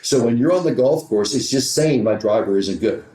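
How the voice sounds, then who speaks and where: In a mid-range, mellow voice full of animation, a golf pro relays a story on a podcast and performs the back-and-forth dialogue at a brisk clip. The space sounds roomy and echoey.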